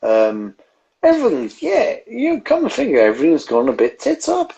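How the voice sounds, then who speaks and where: A man's voice: high-pitched, wildly swooping pitch, normal speed, creaky, warm tone, highs cut off. A man, co-hosting a live beer review stream, rambling and swearing freely in casual chat.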